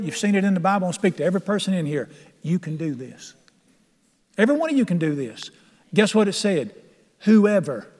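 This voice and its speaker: A sermon from an older male pastor, whose high, bright-toned voice is folksy and emphatic as he laughs along with his stories. The audio carries the long reverb of a church sanctuary.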